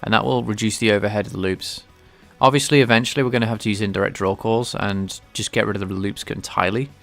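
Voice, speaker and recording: A man livestreaming game development, thinking aloud in a halting way with many restarts. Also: on the low side, steady tone, creaky, a bit bright, faint music behind. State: sneezing, a bit stuffy. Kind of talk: casual livestream coding talk.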